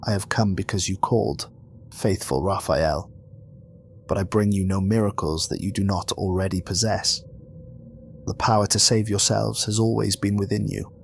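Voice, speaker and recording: A man voicing a calm, commanding archangel who speaks gently but with solemn, measured authority. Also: lowish voice, creaky, slight background noise.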